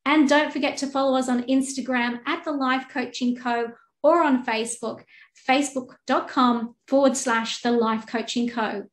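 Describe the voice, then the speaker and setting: High-voiced woman life coach. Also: steady tone, normal speed. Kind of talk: scripted coaching talk. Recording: echoey room.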